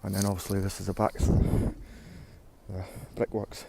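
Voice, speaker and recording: Outdoors at an abandoned brickworks, an urban explorer vlogger gives a casual, rambling walking tour, calling his viewers "guys" and sounding a bit out of breath. His deep, creaky voice is completely flat at a normal speed, with a noisy background.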